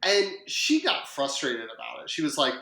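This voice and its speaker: A man's voice: on the high side, wildly swooping pitch, normal speed, creaky, bright, forceful tone, roomy sound, slight background noise. A man co-hosting a podcast, chatting casually and rambling through a story with fillers and self-corrections. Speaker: podcast co-host. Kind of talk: casual chat.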